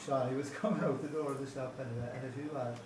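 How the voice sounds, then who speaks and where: A man's voice: mid-range voice, fairly even intonation, very fast. A man in his fifties with an Irish accent, telling rambling anecdotes at a reunion dinner and laughing at his own stories. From Ireland. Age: 50s. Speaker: reunion speaker. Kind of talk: anecdotal after-dinner storytelling. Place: large function room at a dinner. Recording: roomy hall, distant mic, background noise.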